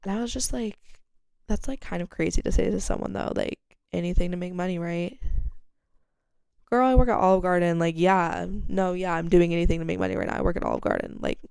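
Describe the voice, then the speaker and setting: A chatty young woman with a mellow, gravelly voice hosts a podcast, telling a casual story at a quick pace. She's candid, swears freely, overuses "like" and gets animated when quoting others, with abrupt jumps in pitch and volume. The sound is studio quality with no room sound.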